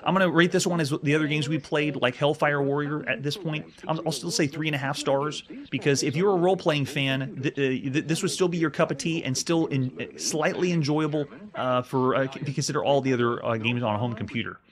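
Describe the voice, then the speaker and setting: A man's voice: a little high, a little fast, hardly any pauses, crowd noise. A man hosting a retro video game show, chatting casually while he plays and rates each game, often restarting his words as he goes. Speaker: host reviewing retro games. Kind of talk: casual gameplay commentary.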